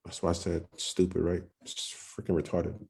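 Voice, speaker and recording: Man, very low voice, mellow tone, casual halting storytelling. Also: completely flat delivery, creaky. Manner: loose, halting, with many restarts and street slang. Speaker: podcast guest.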